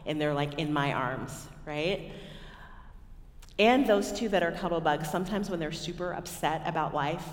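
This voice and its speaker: A Texan woman preaching a sermon, her voice sitting a little low and ringing through a large echoey hall with a long reverb tail. She tells stories and moves from big loud moments to hushed ones. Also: moderate pace. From Texas. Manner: storytelling, swings from loud to hushed. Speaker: women's ministry speaker.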